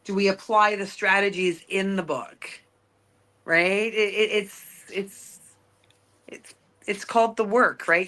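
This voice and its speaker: Bright emphatic woman host. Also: mid-range voice, unhurried. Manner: emphatic, tags points with rhetorical questions. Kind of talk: casual panel discussion.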